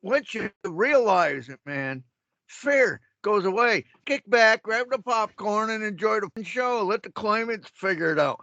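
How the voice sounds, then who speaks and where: A man's voice: high-pitched, expressive, measured pace, bright, forceful tone, no echo, muffled recording. A man in casual conversation with a laid-back manner, mostly giving short agreeing replies.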